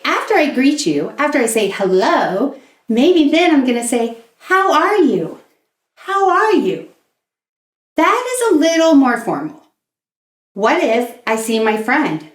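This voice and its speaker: A woman teaching an English lesson, patiently enunciating phrases for learners to repeat. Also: a little high. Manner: patient, drawn-out enunciation, modeling phrases for repetition. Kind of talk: slow, clear instructional video lesson. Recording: echoey room.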